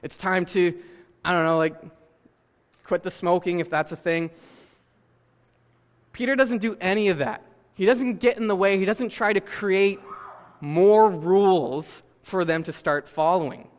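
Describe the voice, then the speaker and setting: A man's voice: high-pitched, a little slow, long pauses, long reverb tail. A man preaching a sermon in a conversational way, with casual fillers and questions put to the listeners. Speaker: pastor.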